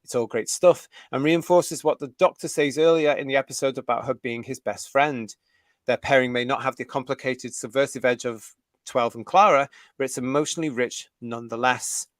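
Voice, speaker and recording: A man's voice: medium pitch, fairly even intonation, dry recording, studio quality. Blunt British man co-hosting a fan show. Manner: blunt, opinionated, halting with restarts. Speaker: co-host. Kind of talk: casual chat, reading articles aloud.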